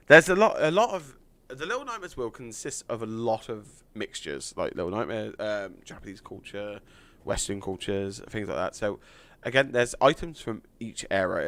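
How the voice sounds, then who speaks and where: A man chatting on a live game stream, thanking donors with lots of fillers, a little hoarse from losing his voice. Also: fairly low pitch, a bit bright.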